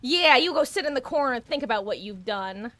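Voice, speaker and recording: A woman's voice: high voice, lively intonation, a little fast, sharp tone. A woman giving chatty, self-mocking live commentary on her game, laughing often. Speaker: streamer.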